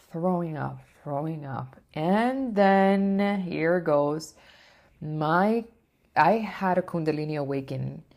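Woman vlogger, low voice, casual filler-heavy storytelling. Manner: rambling, filler-heavy, restarts often. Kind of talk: personal storytelling.

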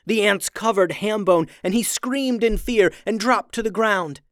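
A children's podcast host reading a storybook aloud in a lively, upbeat way. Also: medium pitch, measured pace, no echo, studio quality. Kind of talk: storybook narration.

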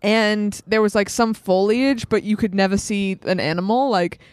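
A woman's voice: mid-range voice, normal speed, smooth, no room sound, clean studio sound. A woman musician chatting as a podcast guest, telling loose stories with fillers and laughs. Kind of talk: casual podcast chat.

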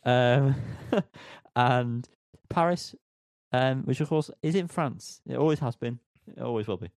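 A man's voice: medium pitch, a little slow, a little mellow, dry recording. A man co-hosting a podcast in casual chat, rambling with many ums and teasing himself. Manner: rambling, self-mocking, lots of ums. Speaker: podcast co-host.

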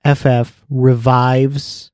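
A man's voice: medium pitch, level tone, extremely slow, a little mellow, smooth, no room sound, clean studio sound. A man co-hosting a casual chat, laid-back and asking questions. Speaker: podcast co-host.

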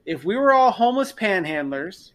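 Male host, high voice, rambling, lots of likes and fillers, casual. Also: sing-song, moderate pace, heavy background noise. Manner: rambling, heavy filler words. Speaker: podcast host. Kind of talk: casual chat.

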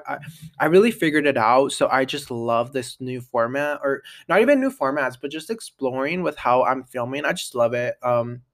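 A man's voice: mid-range voice, fairly bright tone. A young adult man hosting a casual solo podcast, rambling and chatty, full of "like" and restarts. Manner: rambling, chatty, heavy use of "like", many restarts. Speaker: podcast host.

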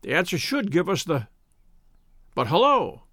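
A man voicing a calm, precise male detective who speaks quietly and dryly. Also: high-pitched, unhurried, no room sound, studio quality, exaggerated voice.

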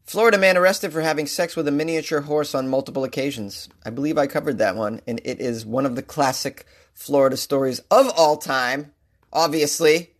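A man from Boston hosting a podcast, excitable and laughing often as he cracks crude jokes. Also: fairly high pitch, fairly quick. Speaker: podcast host. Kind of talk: casual comedic commentary.

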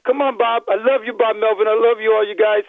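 A man's voice: high-pitched, steady tone, quick pace, no echo. Emotional older man on a phone line. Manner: emotional, rambling, repeats himself. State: voice worn after illness. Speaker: caller. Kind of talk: emotional call-in.

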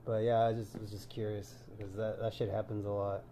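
A man's voice: on the low side, little pitch movement, a little fast, warm tone, slight background noise. A man co-hosting a podcast in casual chat, teasing and swearing. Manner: teasing, swearing, chimes in often. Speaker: podcast co-host.

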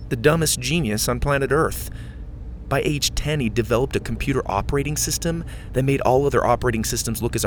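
A man reading a scripted story aloud as narrator, with a steady storytelling delivery. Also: mid-range voice, slight background noise.

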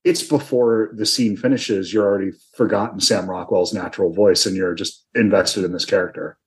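A man's voice: on the low side, fairly even intonation, moderate pace. An American man interviewing a film director, enthusiastic and conversational. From United States. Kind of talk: casual interview chat.

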